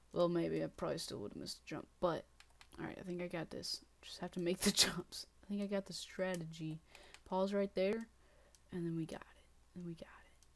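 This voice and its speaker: A woman talking casually over her own gameplay as a channel host. She keeps up a stream of half-whispered grumbling to herself. Every so often it breaks into sharp, exasperated exclamations. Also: medium pitch. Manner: mutters and whispers to herself, with sudden frustrated outbursts.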